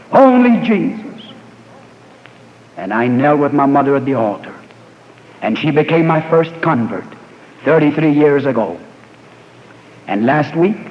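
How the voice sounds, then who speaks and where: A middle-aged man, an evangelist, telling his testimony as a fervent sermon, swelling and dropping his voice with dramatic pauses. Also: fairly high pitch. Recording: dull archival hall recording.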